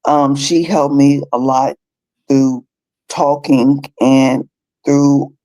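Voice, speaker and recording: A woman's voice: a bass voice, level tone, dark tone, rough recording. A young adult woman sharing personal experiences as a guest on her mother's live talk. She rambles and halts, restarting her sentences often. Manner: rambling, halting, many restarts. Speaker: guest, host's adult daughter.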